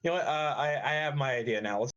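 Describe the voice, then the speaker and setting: A man chatting on an online voice call before an improv game, talking in halting restarts and swearing often. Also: medium pitch, fairly bright tone, highs cut off. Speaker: improv player. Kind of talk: casual chat on a voice call. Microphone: online voice chat mic.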